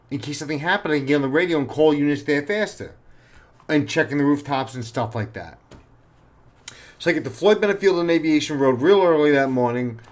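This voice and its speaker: A man, a former police officer, telling a story in a casual, animated way and swearing freely. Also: mid-range voice. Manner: animated, swears freely, acts out his own panic.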